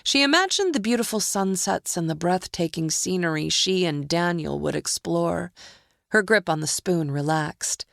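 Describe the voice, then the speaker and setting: A woman narrating a thriller audiobook at an unhurried, deliberate pace. Her voice sits low with a gravelly grain, recorded close and dry. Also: lively intonation, no room sound.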